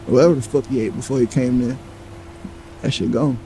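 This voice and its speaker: Man telling a story, mellow voice. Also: mid-range voice, brisk, rough recording. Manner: animated, acts out quoted lines, heavy profanity. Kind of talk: casual storytelling.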